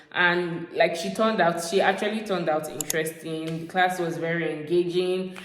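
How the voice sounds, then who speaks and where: A young woman from Nigeria tells a story to her vlog audience in a loose, chatty way, with lots of fillers. Her voice sits fairly low. The room around her is echoey. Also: normal speed, slight background noise. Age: young adult. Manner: chatty, animated, repeats fillers like "like" and "guys". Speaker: vlogger.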